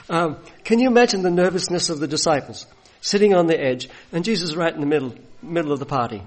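Male preacher, slightly raised pitch, husky tone, vivid storyteller who acts out the scenes. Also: fast, hardly any pauses. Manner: storytelling, acts out voices of biblical figures. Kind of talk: sermon.

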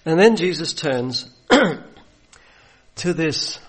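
A man's voice: fairly high pitch, lively intonation, extremely slow. A man preaching a sermon, retelling a gospel story and acting out the voices of its people. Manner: storytelling, acts out voices of biblical figures.

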